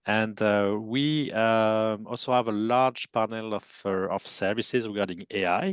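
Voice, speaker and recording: A man's voice: lowish voice, unhurried, clean tone, no echo. A man from France with a strong French accent, introducing himself on a webinar panel hesitantly, with many fillers and self-deprecating remarks. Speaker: panelist, agency CEO.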